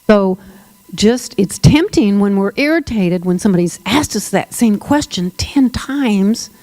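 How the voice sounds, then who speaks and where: A woman's voice: mid-range voice, lively intonation, unhurried, darkish tone, no echo, rough recording. A woman presenting a workshop on dementia care. She speaks emphatically and addresses the audience directly. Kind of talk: workshop talk to a live audience.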